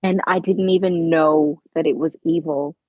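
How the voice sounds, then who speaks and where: A middle-aged woman who tells her story with earnest feeling and plays the voices in her dialogue. Her voice sits a little low and has a husky edge. The sound is dry and close. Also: fairly even intonation, normal speed, no room sound, phone-quality sound. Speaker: podcast guest. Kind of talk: conversational interview.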